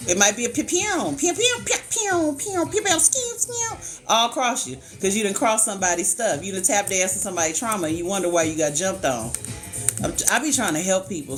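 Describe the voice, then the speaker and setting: A woman counselor hosting a casual live-stream chat, blunt and colloquial, breaking into sound effects and laughter. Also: on the low side. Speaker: licensed counselor and channel host. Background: faint background music.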